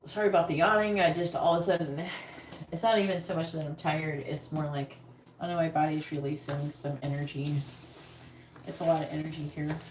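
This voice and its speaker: Woman psychic on a live stream, lowish voice, chatty and meandering, roomy echo with faint hiss. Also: steady tone, brisk, darkish tone. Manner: chatty, rambling, talks directly to viewers. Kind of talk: live-stream tarot reading.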